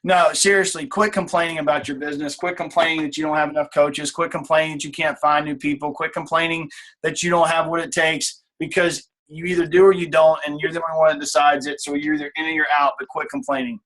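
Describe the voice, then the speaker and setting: A man's voice: on the high side, little pitch movement, quick pace, fairly bright tone. A man in his late thirties leading a motivational team call, blunt and casual, swearing freely and repeating his key points. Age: late 30s. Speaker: team leader on a coaching call.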